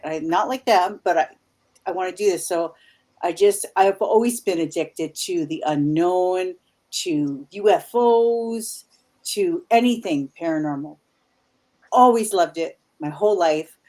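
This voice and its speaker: Fairly low in pitch, measured in pace, and darkish in tone, the voice belongs to a Canadian woman in her 50s guesting as a paranormal investigator. She tells her stories casually and loosely, often starting over and drifting into asides.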